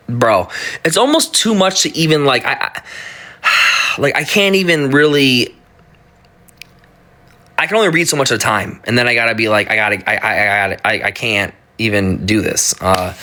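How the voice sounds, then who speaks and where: A man's voice: medium pitch, pushed and bright. A man in his thirties talking casually on a live stream, blunt and profane, often stumbling and restarting his sentences.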